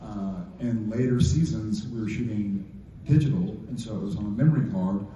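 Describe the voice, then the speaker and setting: A man on a convention panel, telling an animated story with playful asides. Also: fairly low pitch, normal speed, slight background noise. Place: large convention hall. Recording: dull echoey hall sound from a distance.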